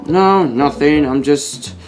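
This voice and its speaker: A dopey frog , as a man puts him on, hunts for flies in a homemade toy-animal story. He speaks slowly in a low-key way, with faint music underneath. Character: simple-minded male frog hunting flies.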